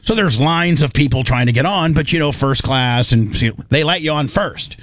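A man's voice: fairly high pitch, moderate pace, no echo, clean studio sound. A man casually telling a long, rambling story, with restarts and lots of fillers.

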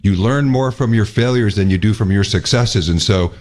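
Male co-host, casual chat, low-pitched, firm opinions. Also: normal speed, darkish tone. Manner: earnest, opinionated.

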